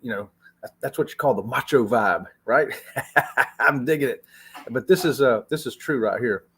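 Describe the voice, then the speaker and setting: A man's voice: medium pitch, normal speed, a bit bright, slightly rough. A man from Florida hosting a casual travel livestream from a hotel room, chatty and laughing often, calling his viewers y'all. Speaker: travel channel host.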